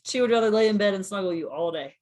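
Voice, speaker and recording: Friendly woman in her forties, mid-pitched, a quick-laughing podcast guest. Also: animated, a little mellow. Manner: friendly, quick to laugh, says yep a lot. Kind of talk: casual chat.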